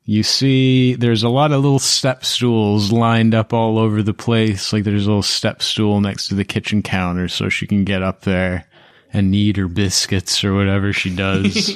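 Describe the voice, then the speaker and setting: A man's voice: fairly low pitch, flat delivery, moderate pace, smooth, no echo, studio quality. A man narrating a tabletop game as game master in a casual, rambling way with laughing asides.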